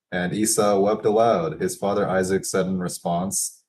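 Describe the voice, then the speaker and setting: Man, very deep voice, casual scripture reading, offhand asides. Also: steady tone, moderate pace, hardly any pauses, darkish tone, a little hiss or hum, low-quality recording. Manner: reads aloud with offhand asides and laughter. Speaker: Bible study reader. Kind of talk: casual Bible study reading.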